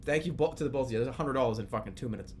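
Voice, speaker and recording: A man in his thirties streaming live, chatting casually in a rambling, profane, animated way. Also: mid-range voice, rapid-fire, slight background noise. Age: 30s.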